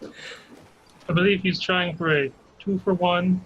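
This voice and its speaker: A man playing a tabletop game, reasoning in a measured, dry way. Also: sits high, fairly even intonation, a bit bright. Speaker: player. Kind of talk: casual tabletop game chat. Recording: dull lo-fi mic with faint noise.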